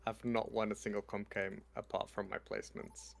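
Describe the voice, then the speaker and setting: A man chatting casually with a streamer about his games in a low-key way. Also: little pitch movement, moderate pace, gravelly. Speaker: gaming friend. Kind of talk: casual chat.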